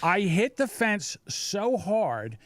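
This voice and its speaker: A man in his sixties telling a story in casual chat, acting out the people in it with animated voices. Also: high-pitched, slow, no room sound. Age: 60s. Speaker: podcast host.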